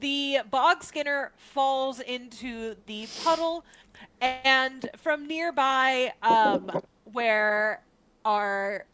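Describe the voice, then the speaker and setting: A woman running a tabletop game as game master, narrating in a relaxed way with many filler ums. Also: on the high side, clear, resonant tone, rough recording.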